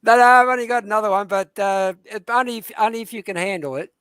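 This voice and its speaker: A man's voice: high voice, fast talker, a bit bright, smooth, dry recording, studio quality. An Australian man on a livestream, telling jokes and teasing his co-host. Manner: jokey, teasing. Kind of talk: joke-telling chat.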